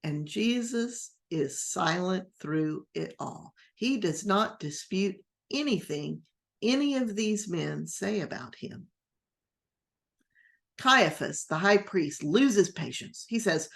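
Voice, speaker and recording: A woman pastor teaching a Bible class in a gentle, rambling storytelling manner, sometimes acting out the quotes. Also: deep voice, lively intonation, slow.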